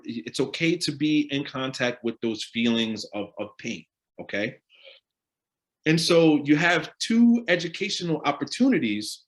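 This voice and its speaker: A man leading a live discussion, asking the audience direct questions in an animated way. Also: medium pitch. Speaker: discussion leader on a live stream. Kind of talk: interactive talk with the audience.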